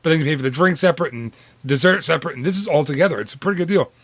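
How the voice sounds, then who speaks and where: A man's voice: on the high side, racing, a bit bright, dry recording. Chatty dude-saying man, dry sound. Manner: chatty, rambling, says "dude" often. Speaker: podcast co-host. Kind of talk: casual podcast chat.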